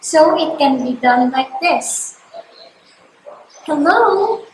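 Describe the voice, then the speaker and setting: A woman teacher giving a slow classroom lesson, with deliberate, exaggerated intonation in her examples and repeat-after-me drills. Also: sits high, lively intonation, fairly bright tone. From Philippines. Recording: echoey room, faint background hiss.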